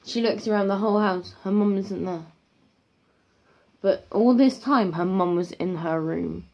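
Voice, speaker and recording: Rambling female storyteller, slow and mellow. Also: mid-range voice, lo-fi sound. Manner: rambling, full of "like" fillers and restarts. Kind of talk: improvised spooky storytelling.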